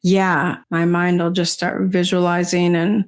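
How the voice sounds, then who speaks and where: An older woman talking as an interview guest, rambling casually with many "you know"s and soft laughs. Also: lowish voice, completely flat delivery, a little slow. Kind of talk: casual conversation.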